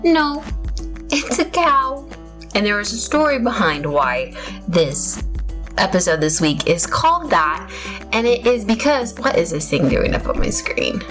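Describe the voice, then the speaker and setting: A woman's voice: mid-range voice, big pitch swings, normal speed, low-quality recording. A young woman hosting her gaming channel, talking casually and rambling through her gameplay with self-mocking laughs. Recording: faint music behind voice.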